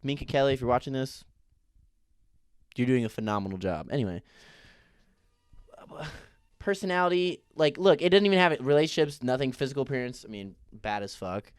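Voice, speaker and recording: A man's voice: medium pitch, sing-song, fairly quick, pauses often, smooth, dry recording, studio quality. A man giving a casual, opinionated TV recap, ranting in a profane, exasperated way. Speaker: TV recap vlogger.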